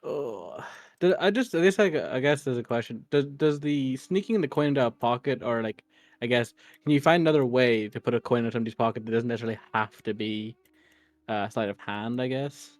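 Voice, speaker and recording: A man's voice: medium pitch, a little fast. A man playing a tabletop game, hesitant and thinking aloud as he asks questions. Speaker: player. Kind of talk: casual chat at a game table.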